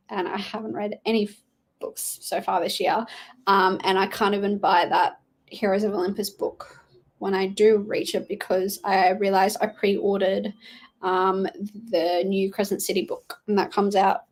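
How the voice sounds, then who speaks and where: A woman's voice: medium pitch, a little mellow, low-quality recording. Chatty young woman streaming a reading sprint. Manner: chatty, rambling, with frequent fillers. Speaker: livestreaming booktuber. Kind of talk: casual livestream chat reading comments. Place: her dad's study at home.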